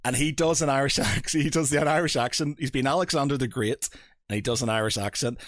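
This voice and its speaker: A man chatting casually on a podcast, telling stories with lots of laughter and excited asides. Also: medium pitch, fast talker, dry recording, clean studio sound. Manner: animated, laughs often, excitable storytelling. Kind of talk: casual chat.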